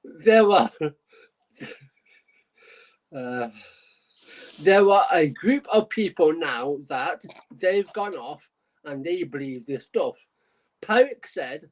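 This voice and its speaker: A man co-hosting a podcast, reading out a news story in a halting, amused way and restarting his sentences. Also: on the high side, expressive, poor audio. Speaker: podcast co-host.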